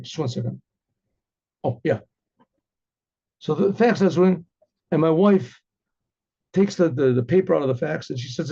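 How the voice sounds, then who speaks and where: A rabbi telling a story in first person and acting out the dialogue, now and then clearing his throat. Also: on the high side, dark tone. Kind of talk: spoken storytelling. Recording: dull lo-fi recording.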